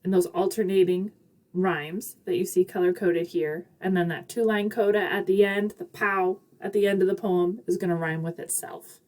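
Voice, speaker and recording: A woman's voice: mid-range voice, fairly even intonation, moderate pace, darkish tone. A woman teaching a recorded literature lecture in a chatty, upbeat way, with casual asides and frequent fillers. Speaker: literature instructor.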